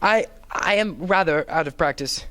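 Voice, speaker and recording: A man voicing a timid, flustered gentleman in a dramatic reading, with a quavering, pleading manner that jumps high in alarm. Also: moderate pace, close to an everyday voice. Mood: nervous.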